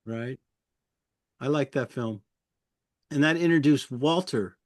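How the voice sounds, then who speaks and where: A man's voice: medium pitch, slow pace, no echo. Man, puppeteer guest, casual chat, chuckles a lot, dry close sound. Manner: chuckles often, loose rambling recollections.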